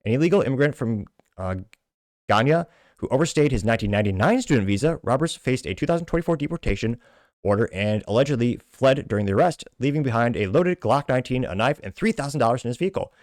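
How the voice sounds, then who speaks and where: A man hosting a talk show, reading social media comments aloud with wry asides and quick self-corrections. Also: medium pitch, expressive, a little mellow, no room sound, clean studio sound. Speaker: podcast host.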